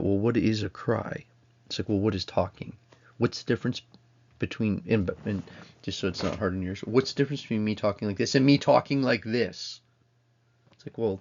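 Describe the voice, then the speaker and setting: A man's voice: sits low, creaky, a little mellow, lo-fi sound. A man, giving a casual recorded college lecture at home in a rambling, self-interrupting way. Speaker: college instructor.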